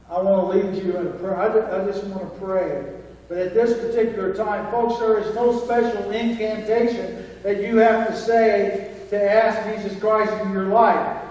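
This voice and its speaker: A man's voice: high voice, dark tone. A male pastor preaching a sermon in an earnest, folksy way with touches of humor. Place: church sanctuary. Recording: echoey church hall from far off.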